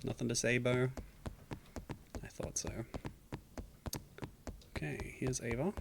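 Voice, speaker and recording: A man's voice: medium pitch, steady tone, slow pace, vocal fry, noisy background. A man streaming a game, chatting casually and reading game text aloud with dry, self-mocking asides. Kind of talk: casual gameplay commentary.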